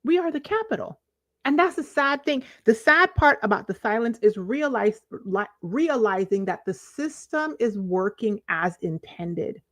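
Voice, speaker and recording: A woman's voice: mid-range voice, measured pace, few pauses, dry recording, clean studio sound. A woman hosting a casual livestream, talking straight to her chat with emphatic repeats and asides. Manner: animated, talks to chat, emphatic repetition. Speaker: livestream host.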